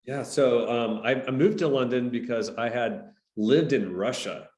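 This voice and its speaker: A man from the United States, a guest entrepreneur on a podcast interview, talking in a relaxed, conversational way. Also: medium pitch, a little slow. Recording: roomy echo.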